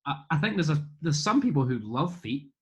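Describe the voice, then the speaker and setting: A Scottish man speaks in a slightly high, husky voice, answering questions over a webcam call. He rambles, restarts and pokes fun at himself with a loose, joking manner. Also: sing-song, a little fast, rough recording. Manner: self-deprecating, jokey, trailing restarts. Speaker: interview guest. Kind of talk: rambling casual chat. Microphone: video call webcam.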